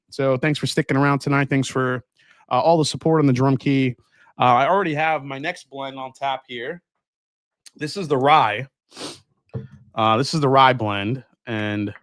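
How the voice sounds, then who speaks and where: A man hosting a casual whiskey livestream, reading viewer comments aloud and chatting in a relaxed, enthusiastic way. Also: medium pitch, no echo, clean studio sound. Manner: relaxed, enthusiastic, laughs often. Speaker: whiskey channel host. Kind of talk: casual livestream chat, reading super chats.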